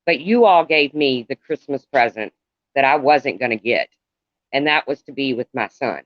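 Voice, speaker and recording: A man's voice: mid-range voice, animated, no room sound. Rambling middle-aged man on a dull stream. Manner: rambling, halting, calls out commenters by name. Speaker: live streamer. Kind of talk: emotional live-stream talk to viewers. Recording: dull lo-fi, dry sound.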